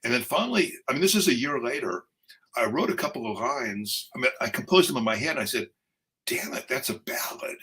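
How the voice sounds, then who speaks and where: An older man, a poet, telling a personal story in conversation, animated and full of fillers and restarts. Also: mid-range voice, quick pace, poor audio.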